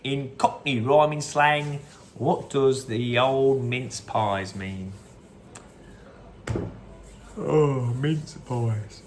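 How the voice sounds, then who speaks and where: This pub quiz host speaks in a mid-range voice, drawing out his words and pausing often, while faint hiss or hum runs under the phone recording. Chatty and relaxed, he repeats every question and drifts into little anecdotes.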